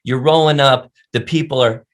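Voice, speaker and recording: A young man hosting a podcast, chatting in a relaxed, joking way and swearing casually. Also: medium pitch, normal speed. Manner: laid-back, swearing, jokey. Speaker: podcast host. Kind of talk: casual interview chat.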